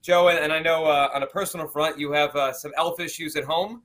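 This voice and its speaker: A man's voice: on the high side, steady tone, fairly quick, fairly bright tone. A man hosting a daily sports betting show, opening it and chatting loosely with his co-hosts. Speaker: podcast host. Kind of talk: casual sports show chat.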